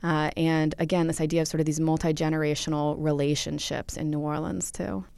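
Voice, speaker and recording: Low-voiced, smooth-sounding woman researcher. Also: level tone, a little fast, darkish tone, no room sound. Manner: thoughtful, many ums and uhs, explaining with examples. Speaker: linguistics researcher. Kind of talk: explanatory interview answers.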